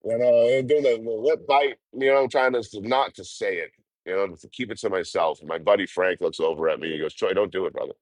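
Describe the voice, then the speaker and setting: Casual, profane male vlogger with a low voice and a dry sound, storytelling to chat. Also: steady tone, brisk, no room sound. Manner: profane, rambling storyteller who laughs often.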